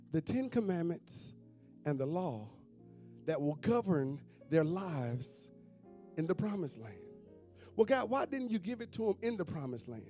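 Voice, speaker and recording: High-voiced preacher man, sing-song delivery. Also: a little mellow. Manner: call-and-response preaching with sung, whooping phrases. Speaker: pastor. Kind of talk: preaching a sermon. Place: church sanctuary with congregation. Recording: faint instrument music behind.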